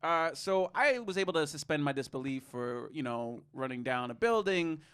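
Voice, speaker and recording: Bright, sarcastic man riffing on a movie. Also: a little high, lively intonation, normal speed, clean tone. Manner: laughing, sarcastic, swears freely. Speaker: podcast co-host. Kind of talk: casual movie review chat.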